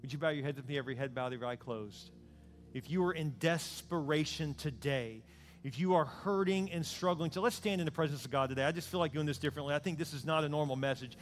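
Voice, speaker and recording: A man's voice: a little high, fast talker, faint music behind. A male pastor preaching a sermon, urgent and pleading as he makes an altar call.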